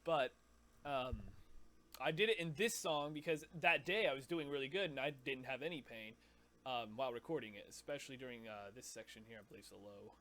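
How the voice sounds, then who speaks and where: Guy rambling about his metal screams, bright forward voice, keeps breaking into little growls. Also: mid-range voice, a little fast. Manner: rambling, demonstrates screams mid-sentence. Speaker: vocalist explaining his screams. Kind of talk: casual vocal tutorial.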